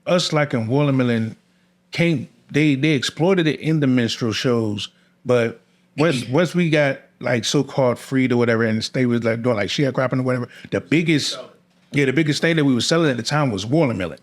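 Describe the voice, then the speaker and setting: A man hosting a casual podcast interview, chiming in with agreement and loose slang. His voice sits at a middle pitch and stays relaxed and conversational. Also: a little fast. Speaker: podcast host.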